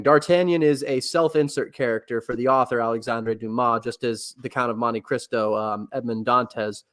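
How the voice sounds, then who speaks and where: A man talks as a podcast guest, lecturing eagerly about history and a favorite novel. His voice sits at an ordinary middle pitch. He keeps backing up and restarting his sentences, padding them with loose filler words as he goes. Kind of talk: casual chat.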